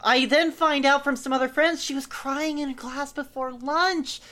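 A woman's voice: high voice, fairly even intonation, measured pace, a bit bright. A woman host reading a post aloud on a casual show, with wry asides.

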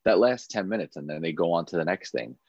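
A man's voice: low-pitched, lively intonation, fast, darkish tone, no room sound, lo-fi sound. A man co-hosting a podcast, chiming in with blunt, wry remarks in casual chat. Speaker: podcast co-host.

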